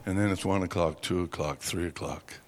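A man preaching by telling a dramatic story, slow and vivid, acting out sounds and voices. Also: deep voice, a little hiss or hum. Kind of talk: storytelling sermon.

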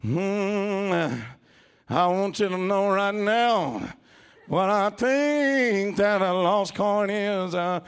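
A man voicing an easygoing male disciple with a sing-song, drawn-out delivery. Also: high voice, clean tone, pitched above the performer's own voice, exaggerated voice.

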